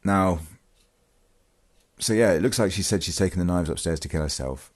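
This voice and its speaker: Low-pitched and moderately paced, this male channel host discusses a true-crime case on his vlog. His manner is casual and hesitant, with lots of ums and restarts, and he sometimes reads passages from a news article.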